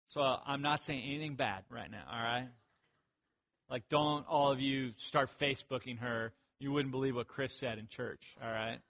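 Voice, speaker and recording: A man preaching a sermon, telling jokey stories and breaking into animated outbursts. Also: mid-range voice. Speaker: pastor.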